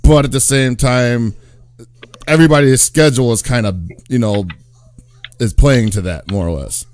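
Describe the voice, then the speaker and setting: A man's voice: medium pitch, normal speed, darkish tone. A man co-hosting a gaming podcast, chatting casually in a rambling way with frequent laughs and asides. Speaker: podcast co-host.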